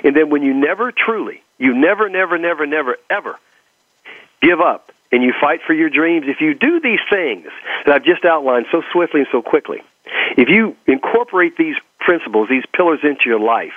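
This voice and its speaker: A man's voice: on the high side, expressive, brisk, no echo. A man with a Texas accent, a guest giving earnest motivational talk, repeating phrases for emphasis. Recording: phone-like narrow sound.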